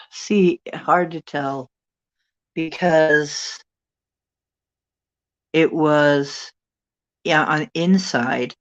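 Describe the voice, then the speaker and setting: A woman with a low voice talks slowly through a relaxed livestream chat. She thinks aloud and meanders from one thought to the next, on a dull, lo-fi recording. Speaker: channel host. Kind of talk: livestream chat, recounting dreams and reading viewer comments.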